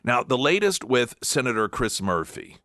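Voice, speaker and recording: A man's voice: mid-range voice, very animated, normal speed, a bit bright, no echo, clean studio sound. A man hosting a talk radio show, delivering an emphatic, combative political monologue with sarcastic asides.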